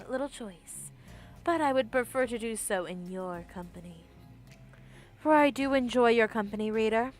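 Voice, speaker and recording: A woman's voice: fairly high pitch, a bit bright. A woman reading aloud as a lonely, ancient female spirit trapped in a crystal, in formal, old-fashioned wording. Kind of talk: reading game dialogue aloud.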